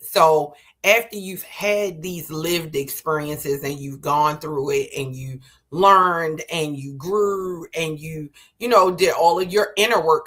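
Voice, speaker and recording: A woman's voice: low voice, a bit bright, breathy edge. A woman guest in a casual conversation, speaking in a reflective, encouraging way.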